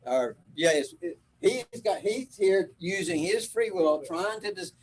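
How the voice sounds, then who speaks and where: A man's voice: sits high, sing-song, a little slow, gravelly, poor audio. An older man, a spiritual teacher, telling a rambling story in casual group chat, laughing often.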